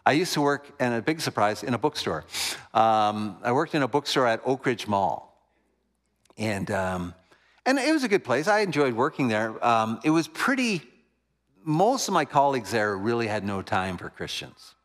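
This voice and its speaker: A middle-aged man preaching a sermon, telling a personal story with lively energy that drops to hushed tones at moving moments. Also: mid-range voice, normal speed.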